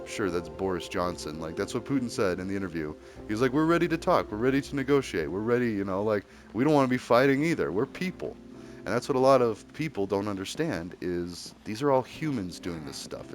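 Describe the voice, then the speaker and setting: A man with a fairly low voice rants casually and at length, full of "like" and "you know" and frequent restarts. He stays heated throughout, with clear music playing behind him. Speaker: streamer. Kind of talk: casual rambling opinion rant.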